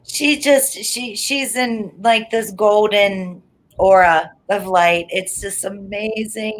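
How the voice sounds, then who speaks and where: A woman's voice: mid-range voice, a bit bright, low-quality recording. A woman doing a live psychic reading, chatty and emotional, laughing often. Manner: chatty, effusive, frequent laughter; earnest and emotional.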